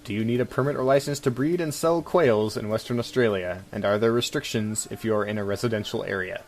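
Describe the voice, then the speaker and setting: A podcast co-host with a lowish, slightly mellow voice talks fast on a casual comedic talk show. He reads listener questions aloud and mocks them wryly, laughing often. Faint music plays underneath, with slight background noise.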